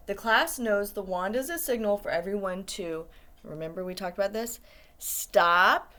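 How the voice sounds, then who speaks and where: Here a woman with a mid-range voice and moderate pace reads a picture book to little ones. She works as an elementary guidance teacher and keeps things warm, encouraging the children and posing questions to them.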